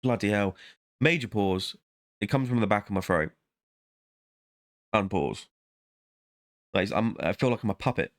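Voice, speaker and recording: A man's voice: fairly low pitch, measured pace, pauses often. A man vlogging in a casual, rambling monologue, talking to himself and breaking off mid-thought. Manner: rambling, self-interrupting, muttering to himself.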